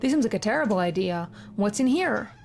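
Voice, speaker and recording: A woman playing a horror video game, reacting excitedly with frequent swearing and reading the on-screen text aloud. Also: mid-range voice, a little fast, gravelly. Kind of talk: casual let's-play commentary.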